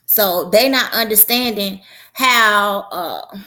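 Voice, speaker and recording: A woman's voice: mid-range voice, slow, sharp tone. A woman prophetess hosting her own show, giving a casual religious talk in a folksy, conversational way with a preaching lilt.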